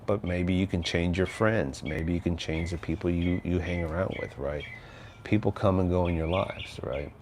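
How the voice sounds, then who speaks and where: A man's voice: low voice, normal speed, darkish tone, slight background noise. An older man from Texas, hosting a casual livestream chat in a rambling, laid-back way that keeps tagging on "right?", outdoors near his house. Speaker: livestream host.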